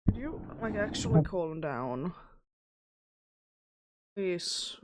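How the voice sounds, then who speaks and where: A woman game streamer chatting casually and gently scolding her cat, her voice a little lower and rougher than usual. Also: animated, very slow, background noise. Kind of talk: casual live-stream chat.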